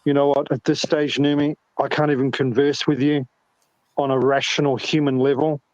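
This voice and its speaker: A man's voice: mid-range voice, level tone, normal speed, darkish tone. A man with a New Zealand accent in a heated online voice chat, exasperated and repeating himself. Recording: dull lo-fi voice chat audio.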